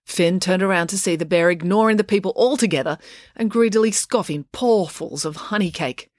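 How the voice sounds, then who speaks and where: A woman narrating a children's storybook aloud, lively and dramatic. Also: on the low side, a little fast, no echo, studio quality. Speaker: audiobook narrator.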